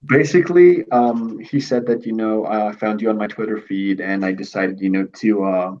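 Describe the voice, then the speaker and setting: A man from Greece hosting a casual livestream chat, telling stories in a rambling, animated way. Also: fairly low pitch, normal speed, muffled recording. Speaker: host.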